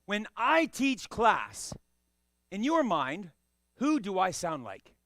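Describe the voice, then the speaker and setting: Brief: male karate teacher, gravelly and bright, dry close sound. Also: high voice, wildly swooping pitch, takes it slowly, dry recording. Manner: coaching, encouraging, checks understanding often. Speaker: karate instructor. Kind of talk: live martial arts class teaching.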